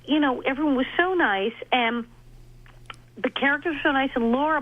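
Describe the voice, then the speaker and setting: A middle-aged woman, an actress and comedian, telling stories in an interview, animated and laughing as she acts out quoted lines. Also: a little high. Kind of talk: casual interview storytelling. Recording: dull lo-fi audio.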